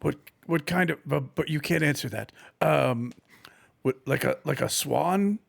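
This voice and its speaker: A man's voice: on the high side, unhurried, vocal fry. A man playing a tabletop game in character over a video call, dry and exasperated, often stammering on restarts. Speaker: tabletop player.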